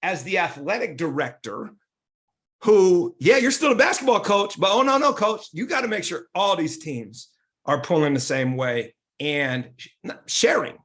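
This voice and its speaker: Animated host with a lively, high voice. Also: male voice, normal speed. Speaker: podcast host. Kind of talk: casual interview chat.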